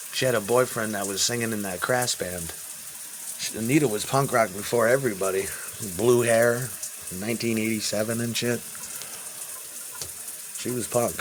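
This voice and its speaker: Low-voiced profane man in his fifties. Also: a little hiss or hum. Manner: profane, halting, with restarts. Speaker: interviewee. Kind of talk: rambling personal storytelling.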